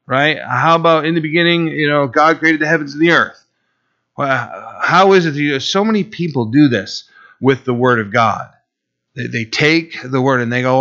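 Conversational male preacher, bright lo-fi sound. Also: a little high. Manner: conversational preaching, acts out voices of Bible figures. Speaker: pastor. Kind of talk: sermon.

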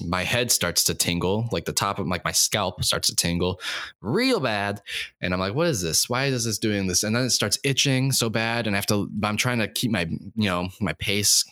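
Rambling deadpan man, lively pitch. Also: dry recording, studio quality. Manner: repetitive, deadpan rambling with sudden squeaky voices. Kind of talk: rambling comic monologue.

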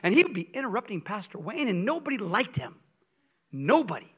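A man preaching as a guest speaker, telling stories in an animated, humorous and emphatic way. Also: high voice, fairly quick, husky. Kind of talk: sermon.

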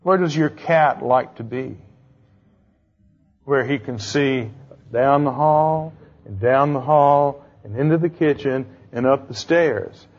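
A man's voice: medium pitch, takes it slowly, muffled recording. A man giving a classroom lecture in a conversational way, quizzing his students with questions as he goes.

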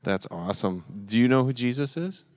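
A man's voice: medium pitch, expressive, brisk. A man leading a live church service, encouraging and upbeat, talking with plenty of fillers. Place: church sanctuary.

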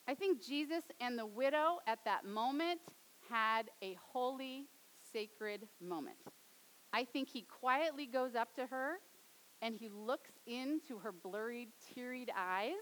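A young woman preaching with a bright, sharp-edged voice that sits a little high. She moves between a quiet, hushed storytelling tone and emphatic appeals to her congregation. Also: a little hiss or hum, rough recording. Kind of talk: sermon.

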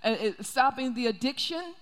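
A woman's voice: high-pitched, animated, normal speed. Emphatic woman preaching in an echoey hall. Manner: emphatic, repeats key phrases. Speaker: pastor. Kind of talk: sermon. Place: church sanctuary.

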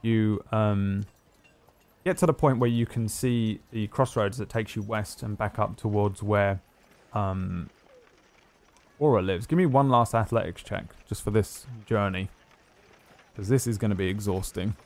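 A man narrating as game master in a tabletop game, relaxed and rambling with many fillers. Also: fairly low pitch, measured pace.

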